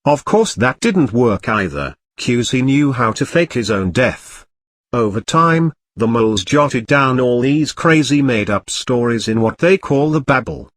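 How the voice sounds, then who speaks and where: A man's voice: medium pitch, animated, measured pace. A man reading Ron, a sarcastic boy wizard. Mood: chatty.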